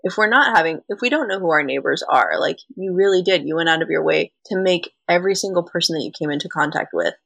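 Woman host, chatty and rambling, low pitch, dry recording. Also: animated, fast talker, vocal fry, hardly any pauses, fairly bright tone, slightly rough, no echo. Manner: chatty, lots of "like" fillers. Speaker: podcast host. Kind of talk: casual chat.

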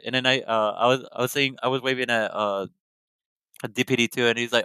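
A man telling stories on a podcast, acting out other people's lines as he goes. His voice is smooth and resonant, of middle pitch, and sits dry and close to the mic. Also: quick pace, dry recording. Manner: animated storytelling, acting out quoted lines. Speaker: podcast guest, cosplayer. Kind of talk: casual chat.

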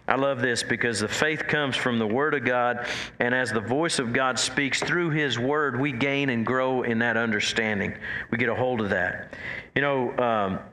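A man's voice: normal speed, bright, forceful tone. Man preaching in an echoey room. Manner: conversational preaching with restarts, quotes scripture with lifted pitch. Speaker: pastor. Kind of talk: sermon.

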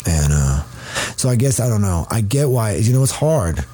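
A man in his thirties talks in a candid, casual way, blunt and full of profanity. He stops and restarts his sentences. His voice sits on the low side and sounds dark and mellow. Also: big pitch swings, normal speed, breathy edge.

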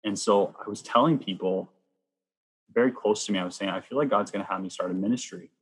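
A man who works as a Catholic youth minister, telling personal stories earnestly in a chatty way, sometimes rushing with excitement. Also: lowish voice, slightly rough, rough recording. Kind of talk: personal storytelling in an interview.

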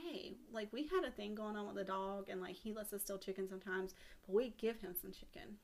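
A woman's voice: medium pitch, a little fast, natural voice. A woman voicing a scheming weasel in her everyday voice, sly and persuasive. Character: scheming weasel making a deal.

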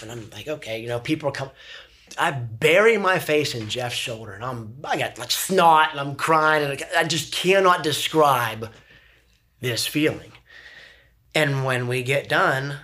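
Middle-aged male guest, earnest and animated, casual storytelling, mid-range voice. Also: medium pitch. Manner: earnest, animated, repeats words when starting sentences. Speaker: podcast guest.

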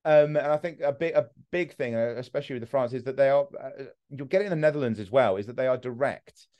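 A man's voice: medium pitch, quick pace. English man, swearing, storytelling. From England. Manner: swears freely, animated storytelling with acted-out quotes. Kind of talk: casual chat.

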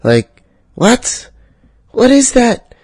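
A man hosting a solo podcast, talking in a profane, heated rant that jumps high and loud when he gets worked up. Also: sing-song, drawn-out words, husky, dry recording. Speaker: podcast host.

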